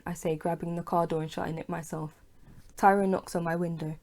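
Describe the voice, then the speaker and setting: A woman narrating her own novel as an audiobook, in a lowish, warm voice. She reads steadily in the first person, giving the lines a little feeling. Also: a little fast. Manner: plain, steady reading, dialogue voiced with mild feeling.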